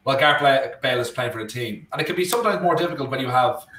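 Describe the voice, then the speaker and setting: A man with an Irish accent co-hosting a casual football watchalong, talking in a rambling, animated way and often correcting himself. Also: mid-range voice, rapid-fire. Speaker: co-host. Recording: roomy echo.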